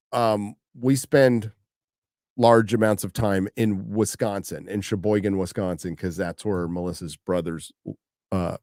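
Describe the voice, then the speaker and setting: A man's voice: lowish voice, darkish tone, dry recording. Middle-aged guy on a livestream mic, blunt and cussing a lot, repeats himself for emphasis, dry close sound. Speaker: host reading viewer questions. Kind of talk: casual profane livestream chat.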